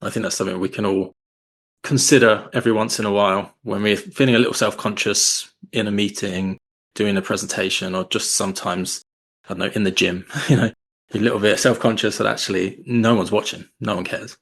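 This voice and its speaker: Low, gravelly-voiced podcast host. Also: male voice, fairly even intonation, a little fast, fairly bright tone. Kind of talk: interview questions and reflections.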